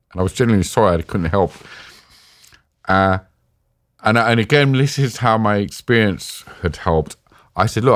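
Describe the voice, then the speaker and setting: A British man, an interview guest, telling a personal story in a halting, emotional way, sometimes choked up. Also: low-pitched, no echo, clean studio sound. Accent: British English. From Britain. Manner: halting, emotional retelling with restarts. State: choked up at times.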